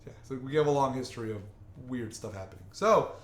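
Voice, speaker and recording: This young man, a podcast host, spins a long, foul-mouthed, meandering tale in casual conversation with friends, frequently cutting himself off to start over. His medium-pitched voice is animated and quick, and the echoey room carries faint ambience.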